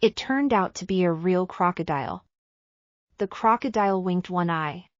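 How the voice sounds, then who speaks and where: A woman narrating a simple storybook for English learners, slow and careful. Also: fairly low pitch, no room sound, dull audio.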